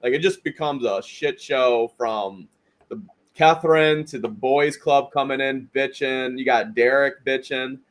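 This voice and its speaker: Man, podcast host, mid-pitched voice, animated storytelling, acts out quotes, swears. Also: measured pace. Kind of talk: casual chat recapping a reality show.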